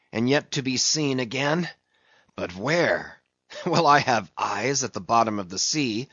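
A man voicing an old, obsessed sea captain who speaks in a brooding, solemn, drawn-out way. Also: mid-range voice, fairly bright tone, no echo, muffled recording.

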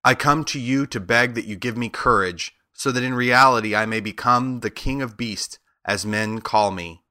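A man's voice: mid-range voice, moderate pace, pushed and bright, no room sound, studio quality. A man reading a blustering cowardly lion. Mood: pleading. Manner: boastful, blustering. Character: boastful yet cowardly male lion.

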